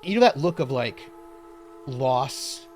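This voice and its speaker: A man narrating as game master of a tabletop horror game, setting scenes slowly with fillers. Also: mid-range voice, animated, darkish tone, faint music behind.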